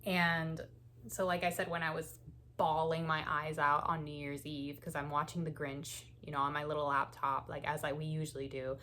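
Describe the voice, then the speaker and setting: A woman's voice: sits low, level tone, moderate pace, sharp tone, a little hiss or hum. A woman hosting a knitting channel, telling stories in a chatty, casual way with frequent laughs and lots of "like"s. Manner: chatty, laughs often, many "like"s. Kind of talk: casual knit-and-chat storytelling.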